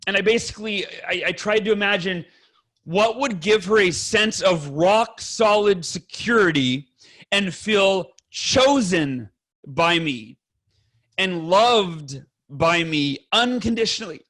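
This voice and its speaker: A man's voice: sits high, expressive, takes it slowly, a bit bright, low-quality recording. A man speaking as a guest on a podcast, earnest and emphatic, talking bluntly with fellow fathers and swearing now and then. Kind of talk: candid podcast conversation.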